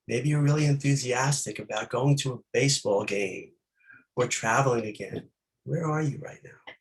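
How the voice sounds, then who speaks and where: A man leading a meditation talk, reflective and unhurried, posing many gentle questions with pauses between them. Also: mid-range voice, vocal fry, rough recording. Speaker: meditation teacher.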